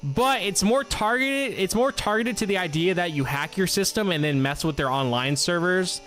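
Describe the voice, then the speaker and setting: A man's voice: a little high, a little fast, a bit bright. Profane rambling young man streaming a game. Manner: rambling, profane storytelling, venting. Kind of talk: casual live-stream chat over gameplay.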